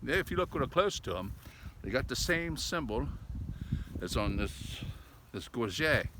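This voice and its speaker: An older man vlogs while walking his dogs on a country road, his medium-pitched voice sing-song and a little slow. Folksy and chatty, he ends lines with "eh?" and is slightly out of breath. Dogs and rural sounds fill the noisy outdoor recording.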